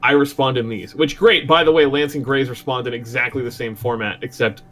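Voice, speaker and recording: A man's voice: mid-range voice, fairly even intonation, fairly quick, a bit bright. A man co-hosting a podcast, reading a story aloud in a crude, joking, chatty way. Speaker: podcast co-host and reader.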